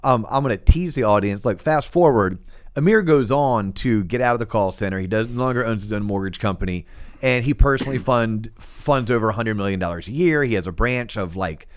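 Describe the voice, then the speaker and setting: A man's voice: fairly low pitch, animated, brisk, no room sound, clean studio sound. A man hosting a podcast interview, encouraging and affirming his guest, with fillers. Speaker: podcast host. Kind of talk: casual interview chat.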